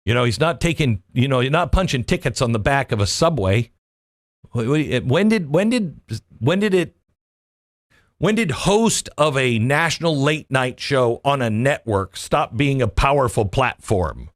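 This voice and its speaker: A man's voice: mid-range voice, sing-song, a little slow, no echo, clean studio sound. A man hosting a political opinion show, delivering a monologue full of rhetorical questions and folksy asides. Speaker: political commentary host.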